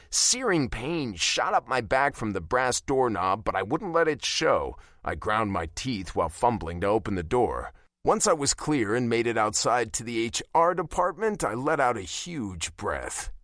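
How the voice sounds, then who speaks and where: A man reads a romance novel aloud in first person, with expressive, self-deprecating storytelling. His pitch moves a lot across phrases while the voice stays mid-range. The recording is dry and close. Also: no echo. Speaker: audiobook narrator.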